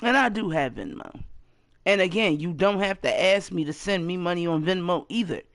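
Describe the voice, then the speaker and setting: A woman in her late thirties in a casual to-camera vlog rant, blunt and profane, with sudden loud outbursts. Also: fairly low pitch, moderate pace, dry recording, clean studio sound. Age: 30s. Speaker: vlogger.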